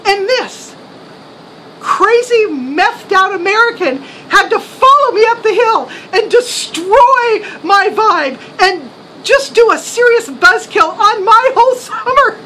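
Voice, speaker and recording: Lady doing her shaken young son, exclaiming breathlessly, super high voice with a faint hum behind. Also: animated, slow pace, bright, forceful tone, full character voice, rough recording. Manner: breathless, exclaiming, laughing through the retelling. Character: shaken young adult son, rattled and excitable.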